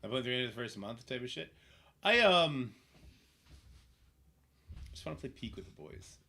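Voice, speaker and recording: Gravelly, cursing male game streamer. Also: medium pitch, very animated, moderate pace, sharp tone. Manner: profane, chatty, reacting to the game and chat. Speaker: livestreamer. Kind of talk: casual gameplay commentary.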